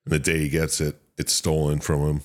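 A man with an extremely low, deep voice chats on a gaming podcast. He is laid-back, swears casually and laughs a lot between stories. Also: monotone, fairly quick. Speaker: podcast co-host. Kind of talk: casual chat.

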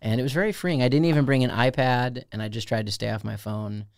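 A man's voice: mid-range voice, fast, gravelly, no echo, studio quality. A man co-hosting a casual podcast, joking around and reading an ad with playful asides. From Ohio, United States. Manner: playful, jokey, lively delivery. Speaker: podcast co-host. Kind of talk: casual chat with a read ad.

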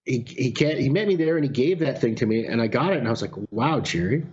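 A man telling a story in casual chat, animated, with some swearing. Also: medium pitch, fast. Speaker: podcast guest. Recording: lo-fi sound.

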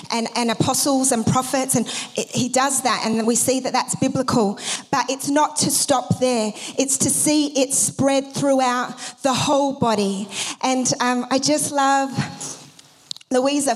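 A woman pastor giving a conversational sermon, with frequent fillers and restarts as she talks. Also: high-pitched.

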